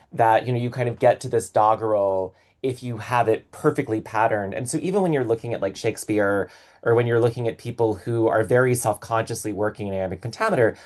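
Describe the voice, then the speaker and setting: A man's voice: on the low side, a little mellow. A rambling, explaining man. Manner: lecturing, many fillers. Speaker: podcast co-host. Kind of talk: casual explanatory chat.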